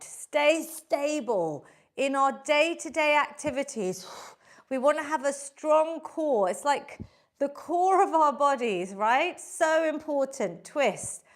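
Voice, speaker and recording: A woman fitness instructor runs a live online workout class, cheering people on and coaching each move while she exercises, sounding a little out of breath. Her voice is high and a bit bright, animated yet slow-paced.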